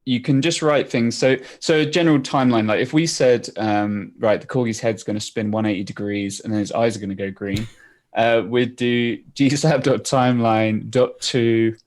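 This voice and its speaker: A man's voice: medium pitch, steady tone, moderate pace. A man appearing as a guest developer, explaining his coding demos in a casual, rambling way. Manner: rambling, many fillers and restarts.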